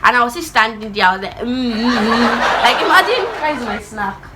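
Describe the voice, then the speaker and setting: A young adult woman telling a personal story in a casual vlog, animated and acting out the voices of the people in it. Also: a little high, fast talker, heavy background noise. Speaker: vlogger.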